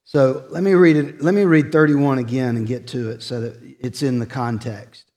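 A man preaching a sermon in a church, earnest and confessional, dropping from emphatic lines to soft, hushed ones. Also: mid-range voice, fairly even intonation, normal speed. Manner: earnest, confessional, swings from loud emphasis to soft near-whisper. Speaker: pastor. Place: church sanctuary.

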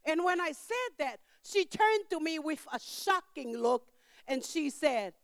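An older woman preaching a sermon in church, telling a story with emphatic outbursts and quiet asides, in simple non-standard grammar. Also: high-pitched, lively intonation, measured pace, dry recording.

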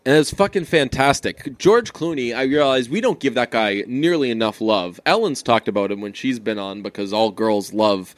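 Male podcast co-host, casual, profane, rambling; mid pitch, dry close mic. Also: animated, no room sound. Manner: rambling, profane, quick asides.

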